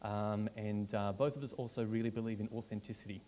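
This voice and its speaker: A man's voice: lowish voice, fairly even intonation, a little fast, mellow. A man pastoring a church, introducing a guest and then interviewing him on stage in a jokey, self-interrupting way. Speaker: pastor hosting a church service. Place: church auditorium.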